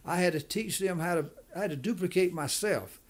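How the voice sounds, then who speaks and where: A man's voice: high voice, brisk. A man speaking as a business leader in an interview, emphatic, often repeating and restarting his words. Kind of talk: conversational interview.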